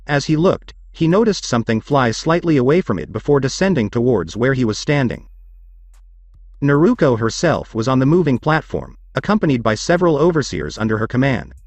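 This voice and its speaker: A man narrating a scripted story in a steady storytelling read. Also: medium pitch, brisk, dry recording.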